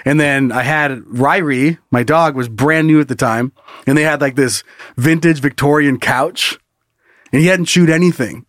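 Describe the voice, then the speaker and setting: On a comedy podcast, this male co-host trades casual, profane stories in rapid bursts, frequently breaking into laughter. His voice sits a little high with a fairly bright tone, recorded in clean studio sound without room noise.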